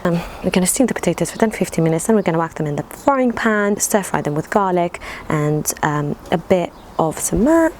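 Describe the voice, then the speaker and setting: A young woman hosts a home cooking video in a loose, chatty way. She walks through the recipe, then drifts into giggly stories, pitching her voice up to play pushy relatives. Her voice sits in a middle range. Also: a little mellow, a little hiss or hum. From Palestine. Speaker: vegan cooking channel host. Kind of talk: casual cooking tutorial and storytelling.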